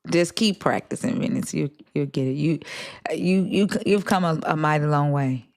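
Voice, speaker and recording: A woman's voice: sits low, moderate pace, darkish tone, no echo, clean studio sound. A woman hosting a live stream, blunt and teasing. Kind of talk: casual live-stream chat.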